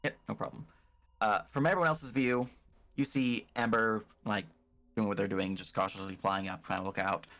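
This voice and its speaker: A man's voice: lowish voice, fairly even intonation, normal speed, bright, forceful tone. A man narrating a tabletop game as game master, casual and hesitant, with many fillers and restarts.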